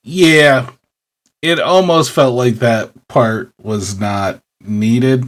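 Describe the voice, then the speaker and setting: Chill podcast dude, middle-pitch voice, lotta "like"s, just kinda riffing. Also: male voice, drawn-out words. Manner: relaxed, filler-heavy joking. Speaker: podcast co-host. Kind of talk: casual chat.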